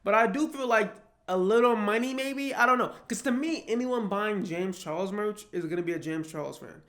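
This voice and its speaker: A young man giving casual, animated commentary on online drama, joking around with slang and swearing. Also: sits high, fairly quick. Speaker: YouTube commentator.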